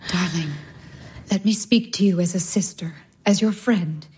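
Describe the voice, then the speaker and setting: An actress playing a comforting, practical elder sister who soothes with light laughs. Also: female voice, fairly low pitch, a little slow, darkish tone, breathy edge. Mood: advising. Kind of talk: stage drama acting.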